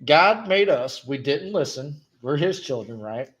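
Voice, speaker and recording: High-voiced, blunt, swearing man. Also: lively intonation, a little slow, dull audio. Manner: blunt, profane, venting with heavy swearing. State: coughing now and then. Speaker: podcast co-host. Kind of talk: casual chat.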